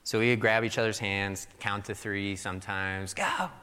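A man's voice: fairly low pitch, level tone, normal speed, pushed and bright, clean tone, big-room sound. A young adult man from Missouri giving a sermon in a loose, conversational storytelling way, full of "like" fillers. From Missouri, USA. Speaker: pastor.

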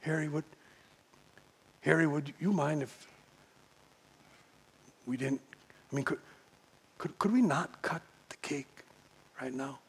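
A man voicing a shy, lonely woman who speaks quietly and stammers. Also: extremely high pitch, moderate pace, gravelly, few pauses, pitched above the performer's own voice. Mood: timid.

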